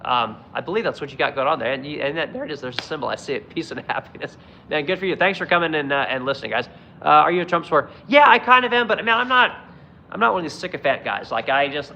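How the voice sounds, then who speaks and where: Streamer, male, gritty and raised in pitch, blunt and foul-mouthed, ranting at chat from a phone. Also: sharp tone, highs cut off, slight background noise. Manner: swears constantly, blunt and heated. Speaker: live streamer answering chat. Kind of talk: angry profane political rant.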